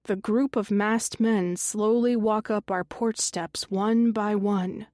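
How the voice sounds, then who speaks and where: Slow, measured woman narrating a thriller. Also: steady tone, a little mellow, no echo, clean studio sound. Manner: slow, measured reading with lifted pitch for quoted characters. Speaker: audiobook narrator. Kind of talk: scripted narration.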